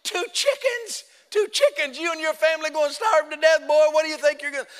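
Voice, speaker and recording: A man's voice: fairly quick, a bit bright, long reverb tail. A man voicing a mocking male devil who taunts and jeers. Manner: jeering, high and taunting.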